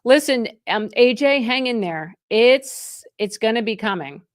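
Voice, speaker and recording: A middle-aged woman from New Jersey, a real estate agent chatting casually on a live stream, reading viewer comments and greeting people by name with excited bursts. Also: a little high, a little slow, no room sound, studio quality.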